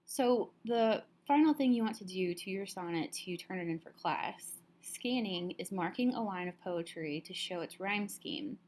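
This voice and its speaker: A woman teacher calmly walking students through a recorded lesson, explaining step by step, a little tired. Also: medium pitch, moderate pace, few pauses.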